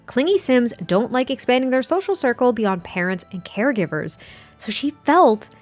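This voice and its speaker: A woman hosting a let's play, chatting excitedly and getting exasperated at her game. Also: a little high, faint music behind. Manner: chatty, excitable, quick to exasperation, laughs often. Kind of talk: casual gameplay commentary.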